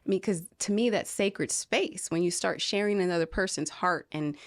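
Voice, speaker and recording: A woman from California talking earnestly as a podcast guest, animated and quoting people in different voices. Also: lowish voice, moderate pace, no echo, clean studio sound. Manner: earnest, animated storytelling, quotes others in voices. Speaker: podcast guest, film producer. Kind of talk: casual conversation.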